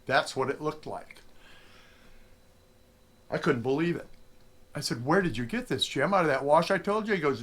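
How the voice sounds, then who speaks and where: A man's voice: on the high side, normal speed, pauses often. A middle-aged man, a prospecting vlogger, telling a story casually and acting out the lines of the people in it. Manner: animated storyteller, acts out quotes.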